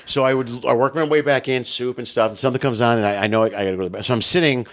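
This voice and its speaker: A man co-hosting a comedy podcast, telling animated stories with swearing and frequent laughter. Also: mid-range voice, racing. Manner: animated storytelling, profane, laughs often. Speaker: podcast co-host. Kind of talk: casual comedic chat.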